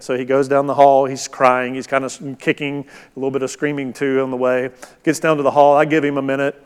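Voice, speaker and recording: A man's voice: medium pitch, flat delivery, fairly quick, clean tone. A middle-aged man preaching a sermon as pastor, conversational and storytelling. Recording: long hall reverb.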